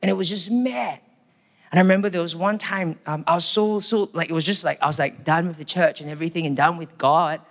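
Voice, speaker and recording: A man's voice: on the high side, brisk, creaky, fairly bright tone. A man with a Singaporean English accent giving a sermon testimony, telling his story with animation and acting out the voices. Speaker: preacher. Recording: long hall reverb.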